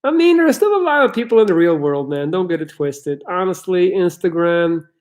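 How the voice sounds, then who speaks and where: Young male life coach, a touch high-pitched, loose and profane, livestream Q&A chatter. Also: lively intonation, normal speed, darkish tone. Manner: loose, chatty, swears, laughs often. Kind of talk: casual livestream Q&A, reading chat.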